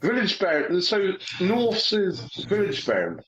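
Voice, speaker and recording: A man's voice: high-pitched, huge pitch swings, slow pace, a bit bright, husky. A man in casual chat, rambling, joking and swearing a lot. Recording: dull lo-fi audio.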